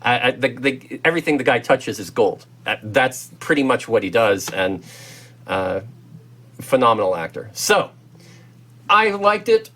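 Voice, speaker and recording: A man's voice: mid-range voice, big pitch swings, a little slow, bright, forceful tone. A man with an American accent reviewing a film as co-host, enthusiastic and rambling with lots of fillers and restarts. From United States. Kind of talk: casual film review chat.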